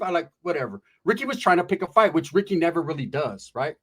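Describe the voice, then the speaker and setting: A man telling a comic story in an animated, profane, slangy way. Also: fairly high pitch, quick pace. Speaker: comedian storyteller.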